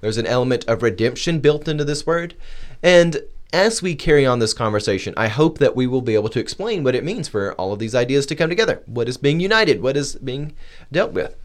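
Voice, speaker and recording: Male pastor-host, lively pitch swings, emphatic questioning. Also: fairly quick. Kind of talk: Christian discussion podcast.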